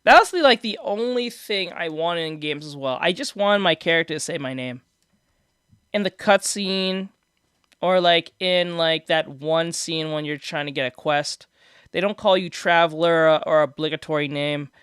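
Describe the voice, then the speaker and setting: A man's voice: fairly high pitch, moderate pace, a bit bright, clear, resonant tone, dry recording, studio quality. A man chatting casually on a stream, answering viewers and explaining things in a rambling way, restarting sentences and laughing at his own jokes. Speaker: streamer reacting to viewer comments. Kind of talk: casual live-stream chat. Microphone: desk microphone.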